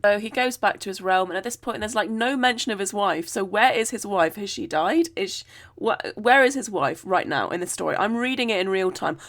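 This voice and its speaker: Gravelly-voiced woman retelling myths. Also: medium pitch, animated, a little fast, fairly bright tone. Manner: chatty, playful, gushing asides. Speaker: podcast host. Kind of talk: casual myth retelling.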